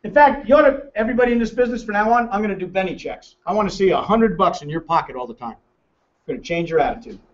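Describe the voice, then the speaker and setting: Brash male presenter, high voice, teasing a crowd; captured from across an echoey room, dull sound. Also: lively intonation, fast talker. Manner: brash, joking, teasing the audience. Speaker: financial seminar presenter. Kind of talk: lively seminar talk to a room. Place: meeting room with an audience. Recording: roomy, distant, muffled room recording.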